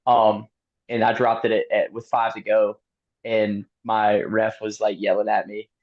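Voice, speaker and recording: A man being interviewed, telling a race story in a casual, animated way, laughing often and using lots of fillers. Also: fairly low pitch, unhurried. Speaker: guest athlete. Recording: dull lo-fi sound.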